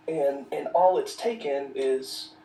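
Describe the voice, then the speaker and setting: A man's voice: mid-range voice, slow pace, gravelly, warm tone, roomy sound, recorded from a distance, slight background noise, rough recording. A man speaking earnestly as a podcast guest in casual conversation, often restarting his sentences.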